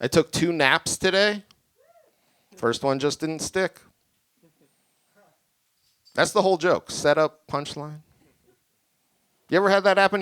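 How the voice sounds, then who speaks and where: A young man doing a stand-up set in a small venue, rambling and deadpan, a bit tipsy. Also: mid-range voice, clear, resonant tone, dry recording. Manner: deadpan, rambling, self-deprecating. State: tipsy from drinking. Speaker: stand-up comic. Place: small creative community venue with live audience.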